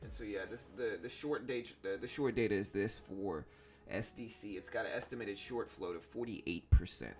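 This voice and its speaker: Young man, Southern US accent, stream host; easygoing, rambling delivery, lower pitch. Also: moderate pace, soft background music. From South Louisiana. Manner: relaxed, rambling, lots of fillers. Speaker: stock trading livestream host. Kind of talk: casual livestream chat.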